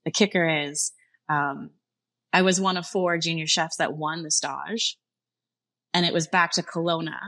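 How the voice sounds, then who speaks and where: Brief: middle-aged Canadian woman, chef guest, animated storyteller, low pitch with a bright edge, dry close mic. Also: a little slow, no room sound. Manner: animated, acts out dialogue in a higher voice, laughs often. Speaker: chef and restaurant owner, podcast guest. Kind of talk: conversational storytelling.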